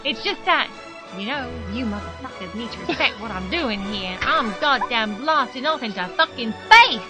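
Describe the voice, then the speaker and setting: A woman's voice: fairly high pitch, lively intonation, moderate pace, music in the background, lightly acted. A British woman playing a brash, foul-mouthed male astronaut from Texas in an amateur radio play, swaggering and putting on a southern drawl.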